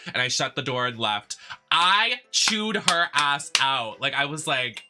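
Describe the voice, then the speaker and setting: A man's voice: mid-range voice, animated, a little slow, bright, forceful tone. A young man from the United States who streams games and chats in a sassy, emphatic, ranting way. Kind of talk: casual chat while gaming.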